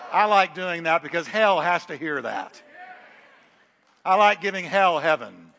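A man preaching a sermon, emphatic, swinging between loud declarations and quiet asides, in a large church hall. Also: high voice, expressive, moderate pace, a faint crowd.

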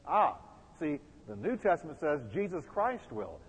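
A man's voice: sits high, very animated, normal speed, breathy edge, big-room sound, highs cut off. A man preaching a sermon as pastor, building emphasis and putting questions to the congregation.

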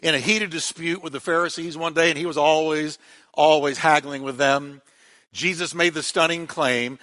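A man's voice: on the high side, moderate pace, sharp tone. A male pastor preaching a sermon with emphasis, repeating key words for weight.

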